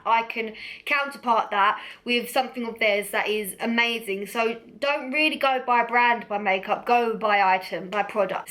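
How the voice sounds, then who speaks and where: A woman's voice: fairly high pitch, sharp tone. A young woman giving a casual, blunt beauty product review, chatty and laughing often. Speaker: beauty vlogger.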